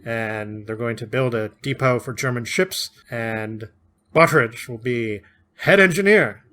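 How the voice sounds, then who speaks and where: A man's voice: medium pitch, measured pace, sharp tone. A man co-hosting a podcast, casually recapping and discussing a classic novel, chatty and often laughing. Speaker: podcast co-host.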